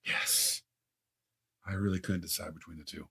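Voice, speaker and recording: A man's voice: sits low, fairly even intonation, normal speed, creaky, sharp tone, breathy edge. A man playing as a contestant in a casual podcast trivia game who jokes, hams it up and argues calls with the host. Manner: jokey, theatrical, argues with the host. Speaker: quiz contestant.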